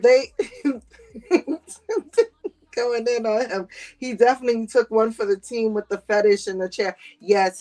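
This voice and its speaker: A woman's voice: mid-range voice, darkish tone. A woman hosting a livestream, reading chat comments and gossiping in a sassy, slangy way with frequent laughter.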